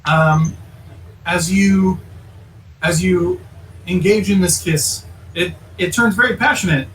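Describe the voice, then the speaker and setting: A man's voice: high voice, takes it slowly, a bit bright. A man narrating as game master for a tabletop game, often restarting his phrases. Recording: echoey room, mic far off, faint noise.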